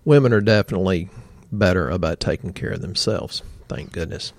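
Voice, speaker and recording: A man's voice: low voice, a little fast, dry recording. A man hosting a health podcast, telling stories in a folksy way and talking straight to his listeners. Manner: folksy storyteller, addresses listeners directly. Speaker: podcast host and health practitioner.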